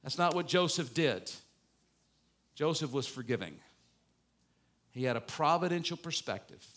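A man's voice: a little high, animated, normal speed, fairly bright tone. Male pastor preaching a sermon. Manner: preaching with strong rises and falls, mock-gloating asides.

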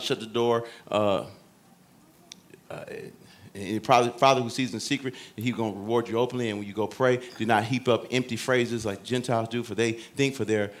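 A man preaching a sermon in a folksy, joking way, swinging between loud shouted emphasis and hushed asides. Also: medium pitch. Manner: conversational, folksy preaching with humor.

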